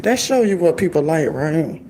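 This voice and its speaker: A middle-aged woman from Florida, chatting casually at home on her vlog and drifting into animated stories and tangents. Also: low voice, moderate pace, slight background noise. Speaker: vlog host. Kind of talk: casual rambling chat.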